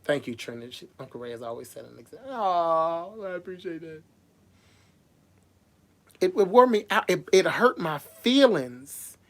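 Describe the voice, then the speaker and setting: A woman with a lowish voice vents on a casual livestream, talking straight to her viewers. She is heated and emotional, and she keeps stumbling, repeating and restarting her words. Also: very animated, moderate pace. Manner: addresses viewers directly. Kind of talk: casual live-stream rant.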